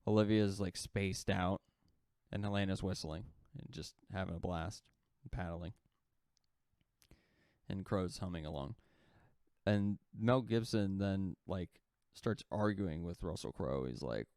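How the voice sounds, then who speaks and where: Male podcast co-host, low smooth voice, loose casual storyteller who acts out his quotes. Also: measured pace, long pauses, darkish tone, no room sound. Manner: rambling, heavy use of "like" fillers; swearing, acts out quoted lines.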